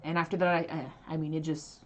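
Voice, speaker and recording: A woman's voice: low-pitched, level tone, quick pace. A woman, a native French speaker with a French accent, chatting casually as a livestream co-host, laughing often and restarting her sentences. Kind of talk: casual chat.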